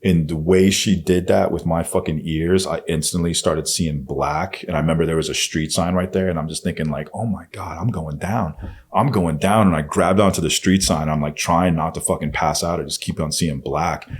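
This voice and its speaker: A man's voice: a bass voice, fairly even intonation, fairly quick, few pauses. A man telling his own story as a podcast guest, bluntly and with constant swearing. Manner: blunt, heavy swearing, intense retelling. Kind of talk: candid storytelling.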